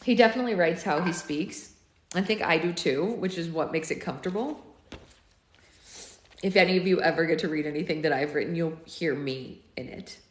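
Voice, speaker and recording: A woman's voice: low-pitched, brisk. Book club host, woman, reads aloud with playful tangents, roomy sound. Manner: chatty, playful, goes off on tangents. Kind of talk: live read-aloud with casual asides. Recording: roomy echo.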